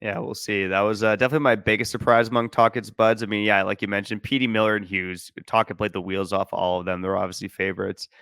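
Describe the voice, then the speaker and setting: Laid-back, lower-voiced podcast co-host man. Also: little pitch movement, quick pace, hardly any pauses, a bit bright, clean tone, no room sound, clean studio sound. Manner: stat-driven, laid-back, laughs easily. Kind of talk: casual sports podcast chat.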